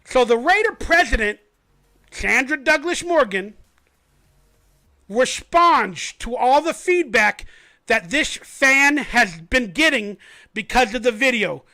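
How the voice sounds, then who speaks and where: A man hosting a fan livestream, telling a story in an animated, rambling way. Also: very high-pitched, takes it slowly. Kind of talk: casual sports commentary.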